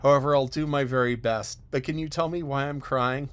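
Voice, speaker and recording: A man's voice: medium pitch, fairly even intonation, brisk, smooth, lightly acted. A man reading an audiobook, voicing an eager, talkative orphan girl who pleads breathlessly and wistfully. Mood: imploring, tearful. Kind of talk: audiobook character voice.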